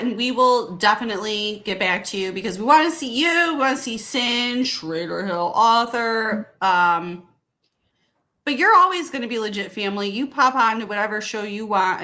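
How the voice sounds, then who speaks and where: A woman co-host speaks at a middle pitch in easy, warm chat, teasing her co-hosts now and then. She sounds relaxed and familiar. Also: moderate pace. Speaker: podcast co-host. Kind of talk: casual chat.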